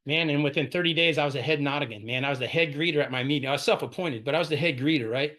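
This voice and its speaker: Man, 40s, fast, slightly high voice, recovery-talk storyteller who keeps tagging "right?". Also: pushed and bright. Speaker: AA speaker sharing his story.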